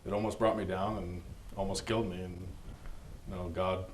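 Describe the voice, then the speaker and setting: A man with a very low, deep voice shares a personal testimony. He talks earnestly and haltingly, often restarting sentences. There is a faint hiss of noise behind him. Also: little pitch movement, low-quality recording. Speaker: church member giving testimony.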